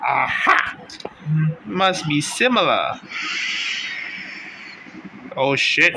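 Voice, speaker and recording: A man doing let's-play commentary as a gaming YouTuber, excitable, swearing and yelping at enemies. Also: medium pitch, slow, background noise.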